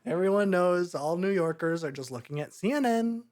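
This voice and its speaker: A man's voice: high voice, animated, normal speed, a crowd in the background. A young man co-hosting a podcast, reviewing a movie in rambling, sarcastic casual chat full of fillers. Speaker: podcast co-host.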